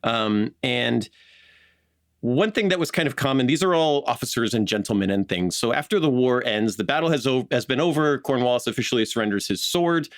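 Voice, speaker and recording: A man's voice: mid-range voice, lively intonation, a little fast, no echo, studio quality. A man co-hosting a casual history podcast, telling the story with chatty asides, fillers and laughs. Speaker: podcast co-host.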